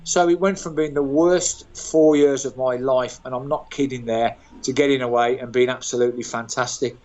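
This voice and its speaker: A man in his sixties from Birmingham, telling animated, self-mocking stories as an interview guest. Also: medium pitch, normal speed, dull audio. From England, Birmingham. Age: 60s. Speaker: guest, former footballer. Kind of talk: storytelling interview.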